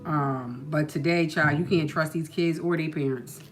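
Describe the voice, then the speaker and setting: A woman's voice: low voice, steady tone, moderate pace. A woman vlogger chatting casually, telling stories with many asides. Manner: chatty, storytelling, full of asides. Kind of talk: casual chat. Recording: music playing behind the voice.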